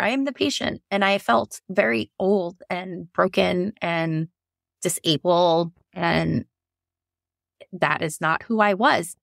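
A woman's voice: mid-range voice, gravelly, fairly bright tone, no echo, studio quality. A woman guest frankly telling a painful personal story, emotional and laughing through hard moments. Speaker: guest sharing her birth story.

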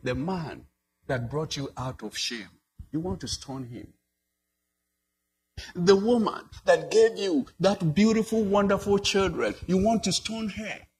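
Male pastor, unhurried sermon delivery, emphatic swells, rhetorical questions. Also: high voice, expressive, a little mellow, a little hiss or hum, poor audio.

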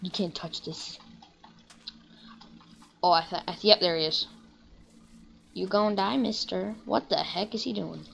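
A young woman giving rambling, casual commentary while playing a video game, breaking into excited shouts now and then. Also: fairly low pitch, unhurried, creaky, pauses often, lo-fi sound, a little hiss or hum. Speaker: gaming channel host.

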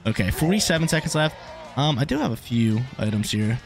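Excitable young man commentating gameplay. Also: medium pitch, brisk, creaky, over music. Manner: excitable, swings between hype and frustration. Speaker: gaming YouTuber.

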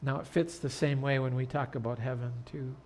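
A man pastor preaching an earnest sermon in a church, turning loud and dramatic when telling a story. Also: medium pitch, steady tone, brisk, slight background noise. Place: church sanctuary.

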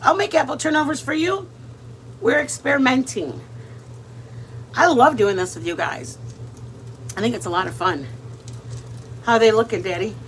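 A woman's voice: on the high side, moderate pace, pauses often, a little hiss or hum. A middle-aged woman chatting casually and rambling as she cooks on a livestream, greeting viewers by name. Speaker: livestream cooking host. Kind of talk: casual live cooking chat.

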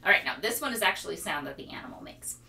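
Bright, animated storytime woman. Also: fairly low pitch, very fast, vocal fry, faint music behind. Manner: animated sing-song, imitates animal sounds for kids. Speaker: children's librarian leading storytime. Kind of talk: children's storytime with rhymes.

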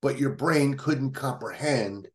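A man's voice: medium pitch, slow. A man teaching phone sales, explaining emphatically with examples. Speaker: sales trainer. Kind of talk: training lecture.

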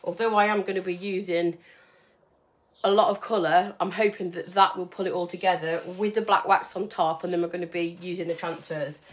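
While painting furniture, a woman from the English Midlands near Birmingham chats casually to viewers in a friendly, rambling way. Her voice is fairly low-pitched and steady in tone, and she speaks briskly.

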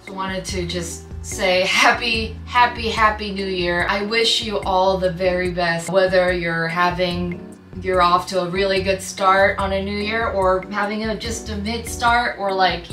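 A woman's voice: medium pitch, fairly even intonation, a little slow, a bit bright, reverberant, faint music behind. A young woman vlogging casually as she unboxes gifts, playful, with squeals and giggles. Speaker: YouTuber.

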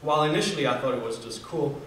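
A young Namibian man in his 20s speaks in a slightly high, animated, fairly bright voice at a quick pace, earnestly telling a personal story as a student speaker with fillers and restarts. He's recorded from far off in a very reverberant hall where a faint room hum can be heard.

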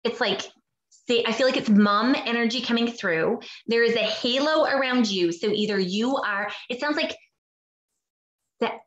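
A woman giving a psychic reading on a video call, talking in halting, searching phrases full of fillers. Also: on the high side, muffled recording. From Canada. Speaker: psychic medium. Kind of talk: live online group reading. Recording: echoey room on a video call.

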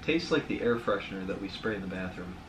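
A man's voice: sits low, expressive, fast talker, reverberant. A man with a dry, blunt, teasing manner, trying sweets in casual chat. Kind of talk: casual taste-test chat. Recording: noisy home recording.

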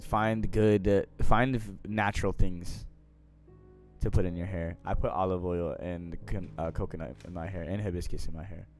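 A man's voice: deep voice, normal speed, faint music behind. Slangy young man chatting on stream. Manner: slangy and profane, swinging between mumbled asides and loud excited bursts. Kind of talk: casual live-stream chat, reading out viewer questions.

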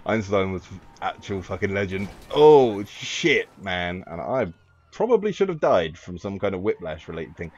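A man's voice: low-pitched, very animated, measured pace, a little mellow. A man giving rambling, joking, profane commentary while playing a driving game. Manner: rambling, joking, swears freely. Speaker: gaming YouTuber. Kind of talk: casual let's-play commentary. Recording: dull lo-fi with faint hiss.

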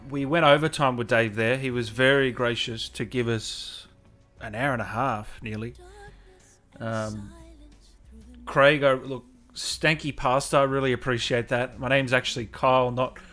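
A man's voice: medium pitch, a bit bright. A man hosting a livestream, upbeat and chatty, thanking viewers by name. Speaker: host. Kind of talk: livestream chat.

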